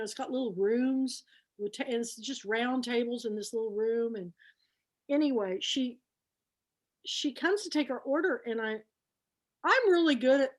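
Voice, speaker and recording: High-voiced woman telling a funny story. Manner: animated anecdote-telling, laughing often. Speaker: book club host. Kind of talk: casual storytelling on an online show.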